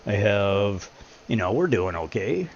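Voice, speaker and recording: Male streamer, low and gravelly, emotional and blunt, dull stream mic with faint hiss. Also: big pitch swings, a little slow. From Canada. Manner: candid, emotional, swears often. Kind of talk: casual chat. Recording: lo-fi stream audio with faint noise.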